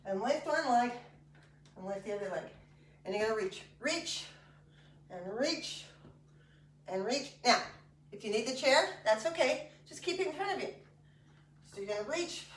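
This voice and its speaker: A woman's voice: on the high side, lively intonation, a little slow, pauses often, recorded from a distance, a little hiss or hum. A woman fitness instructor guiding a class through exercises in a chatty, encouraging way with joking asides. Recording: echoey room, voice from off-mic.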